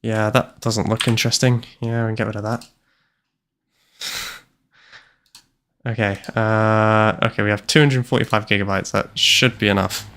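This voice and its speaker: A young man doing live gameplay commentary from his home gaming setup on a headset mic, theatrical and self-mocking, with loud mock-heroic outbursts. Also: lowish voice, flat delivery, normal speed, long pauses, slight background noise. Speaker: game streamer.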